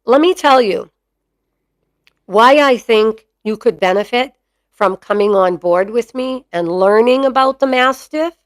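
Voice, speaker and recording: A middle-aged woman talks slowly and unhurriedly on her podcast, chatty and opinionated, peppering her speech with fillers. Her voice sits in a middle register and sounds dry and close, with no room echo. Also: fairly high pitch. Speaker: mastiff breeder and podcast host. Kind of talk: casual podcast monologue.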